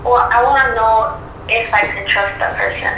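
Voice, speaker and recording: A woman calling into a tarot reading, hesitant and apologetic, speaking in halting phrases. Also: a little high, fairly even intonation, sharp tone, reverberant, distant mic, a little hiss or hum, low-quality recording. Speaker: caller. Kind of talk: call-in tarot client.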